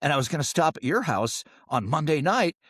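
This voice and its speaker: A man's voice: a little high, big pitch swings, a little fast, dry recording, clean studio sound, pitched above the performer's own voice. A man imitating his elderly father, putting on a creepy old-man voice that stays offhand and matter-of-fact. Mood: nonchalant. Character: older man, casual gravelly father.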